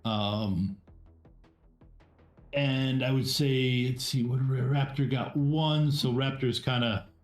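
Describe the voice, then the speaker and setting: Male game master for a live tabletop stream, unhurried and halting, in an echoey room with faint music behind. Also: medium pitch, fairly even intonation. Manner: halting, many fillers and restarts.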